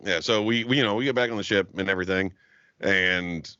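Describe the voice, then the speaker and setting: A man's voice: low voice, fairly quick, sharp tone, clear, resonant tone, no room sound. Profane laughing man telling a story. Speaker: podcast co-host. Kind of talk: casual storytelling chat. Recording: dull lo-fi sound.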